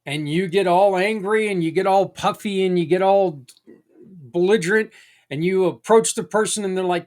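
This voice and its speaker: Here a middle-aged man hosts a podcast in a high voice with a darkish tone, moving at a moderate pace. He rambles in a casual, folksy way, tossing in asides as he goes.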